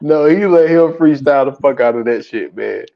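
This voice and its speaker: A man's voice: mid-range voice, moderate pace, gravelly, muffled recording. A man co-hosting a podcast, animatedly retelling comedy scenes in casual chat. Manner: animated, retells scenes doing the characters' lines, laughs a lot. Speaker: podcast co-host. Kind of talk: casual movie-recap chat.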